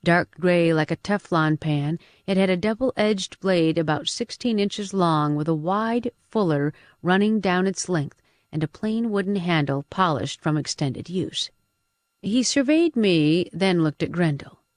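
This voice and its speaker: A woman's voice: fairly low pitch, animated, unhurried, no echo. A woman narrating a first-person audiobook with a dry, wry delivery.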